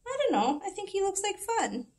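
Woman librarian for kids' storytime, high lively voice, unhurried read-aloud. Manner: animated, asks children questions. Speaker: children's librarian.

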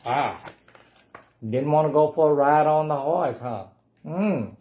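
A man's voice: a little high, unhurried, mellow. A man reading a picture book aloud at a library storytime, playfully coaxing the children to say the refrain along with him.

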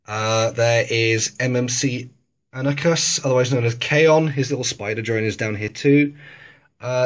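A man casually narrating a tour of his collection, rambling and correcting himself with plenty of ums, filming on a handheld camera in a dim room at home. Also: medium pitch. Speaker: toy collector vlogger. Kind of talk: casual show-and-tell narration.

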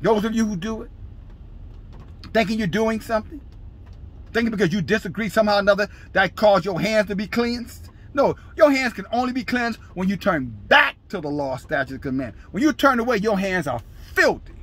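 A man preaching a fiery, scolding sermon, shouting scripture in bursts at his listeners. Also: high voice, lively intonation, normal speed. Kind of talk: fiery street-style sermon.

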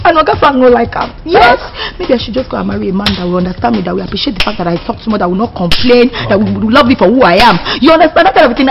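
A woman playing a loud, gossipy Nigerian chatterbox. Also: fairly high pitch, lightly acted. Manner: excitable, boisterous, bursts into shouts. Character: loud gossipy young woman, a restless talker. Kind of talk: film drama acting.

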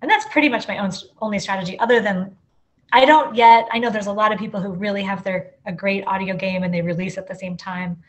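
A woman's voice: medium pitch, fast talker. A woman author talking casually as an interview guest, chatty, with many "likes" and restarts. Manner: chatty, full of "like" and restarts, animated.

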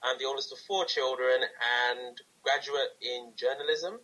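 A man's voice: mid-range voice, highs cut off. A man in his twenties from London with a London English accent, talking as a guest in a casual interview and telling stories with animation. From England. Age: 20s. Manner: animated storytelling, quick to laugh.

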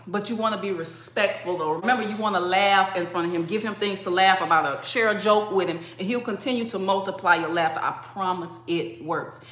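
A woman teaching a spiritual workshop in a lively way, acting out crying and laughing as she explains. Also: mid-range voice, echoey room.

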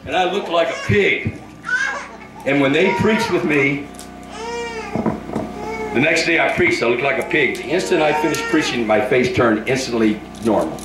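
An older man preaching at a revival, leading a crowd in shouted call-and-response prayer. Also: medium pitch, moderate pace, long pauses, roomy sound, music in the background, low-quality recording.

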